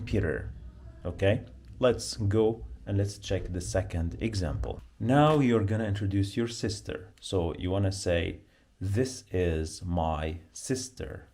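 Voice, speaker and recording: A man with an Arabic accent teaching a beginner lesson, speaking slowly and repeating each word to drill pronunciation. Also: deep voice, warm tone. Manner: slow, repetitive, drills pronunciation.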